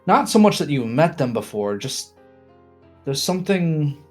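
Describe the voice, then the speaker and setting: A man narrates a tabletop role-playing game as its storyteller. He lingers on words and drops into hushed pauses to build suspense. Faint music plays behind him. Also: on the high side, big pitch swings.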